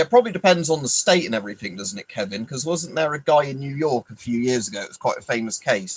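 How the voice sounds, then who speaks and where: A man's voice: mid-range voice, slightly rough, low-quality recording. An Englishman hosting a casual livestream, rambling, swearing freely and answering viewers by name. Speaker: livestream host. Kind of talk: casual live chat.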